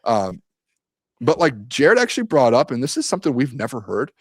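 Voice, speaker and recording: A man's voice: medium pitch, very animated, fairly quick, slightly rough, no room sound. A man co-hosting a sports talk show, optimistic and rambling, with many fillers in casual chat.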